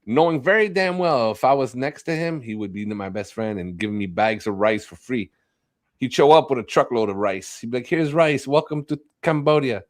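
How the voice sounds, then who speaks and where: A man's voice: mid-range voice, no echo. A man ranting and trash-talking in a crude, profane casual stream chat. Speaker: stream guest. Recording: dry close mic.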